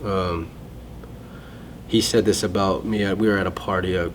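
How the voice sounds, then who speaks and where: Deep-voiced man telling a rambling story. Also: steady tone, moderate pace, a little hiss or hum. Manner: rambling, self-interrupting storyteller. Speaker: guest sharing testimony. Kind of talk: casual conversation.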